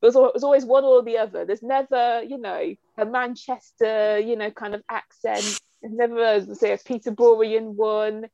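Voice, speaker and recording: A woman's voice: a little high, steady tone, moderate pace, creaky, hardly any pauses, mellow, slight background noise. A British woman co-hosting a podcast, chatting casually and repeating words as she thinks. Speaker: podcast co-host. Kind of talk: casual chat. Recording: dull lo-fi sound.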